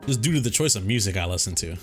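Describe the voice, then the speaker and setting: Young man with a lively, swinging voice. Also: on the low side, rapid-fire, soft background music. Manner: laid-back, rambling, swears a lot. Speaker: gaming YouTuber. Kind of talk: casual storytelling over gameplay.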